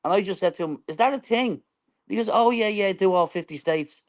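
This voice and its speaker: Male guest musician, slightly high voice, lively anecdotal storyteller. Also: brisk. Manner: animated, acts out quoted dialogue, laughs often. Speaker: band member guest. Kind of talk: storytelling in an interview.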